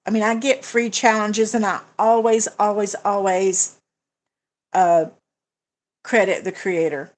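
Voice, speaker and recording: A woman with a mid-range, steady voice hosts a budgeting livestream, talking at a measured pace and pausing often. She chats casually with viewers and answers their comments, using lots of fillers and restarting her sentences frequently.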